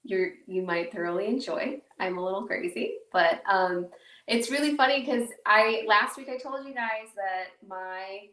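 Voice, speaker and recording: A woman's voice: medium pitch, measured pace, fairly bright tone, far from the mic. A woman hosting her own podcast in a casual, rambling, self-mocking way, with lots of fillers. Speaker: podcast host. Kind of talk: casual solo podcast talk. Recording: echoey room, voice a bit off-mic.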